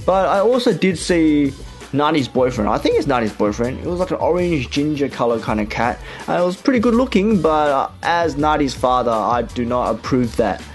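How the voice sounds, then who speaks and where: A young man from Australia with an Australian accent, hosting a radio show in a chatty, relaxed way with many fillers. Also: on the high side, a little fast, soft background music. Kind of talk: casual radio chat.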